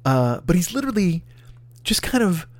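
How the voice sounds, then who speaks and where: A man telling a rambling comic story, profane and animated, acting out other people's voices. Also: high voice, moderate pace, dry recording. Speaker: comedy podcast host.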